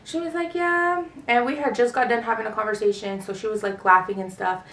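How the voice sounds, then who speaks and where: A woman's voice: mid-range voice, fairly even intonation, fast talker, fairly bright tone, distant mic. Brief: woman in her 20s, casual storytime vlogger, rambling with fillers, roomy echo, mic set back. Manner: rambling, lots of fillers and swearing.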